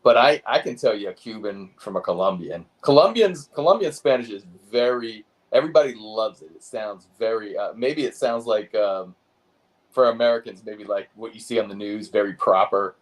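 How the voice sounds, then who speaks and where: A man talking in a casual, thoughtful way, with a fairly low voice. He hesitates often and fills the gaps with ums and uhs. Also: expressive, moderate pace. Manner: thoughtful, hesitant, many fillers. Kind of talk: casual chat.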